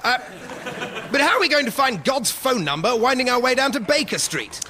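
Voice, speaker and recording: An actor playing a blustering old Victorian army major in a radio comedy sketch. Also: male voice, extremely high pitch, sing-song, fairly quick, pushed and bright, heavily acted.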